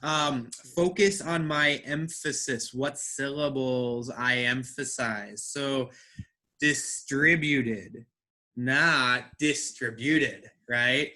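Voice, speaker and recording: A man's voice: medium pitch, bright, forceful tone. A man teaching an English class, who checks understanding with frequent "right?" and repeats words to drill their stress.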